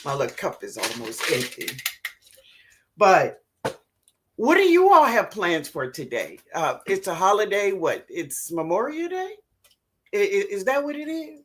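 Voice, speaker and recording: This middle-aged woman's voice is medium-pitched, very animated and a bit bright, with a little hiss or hum in the audio. Hosting a gardening live stream, she talks casually in a slow drawl and fondly calls her viewers baby.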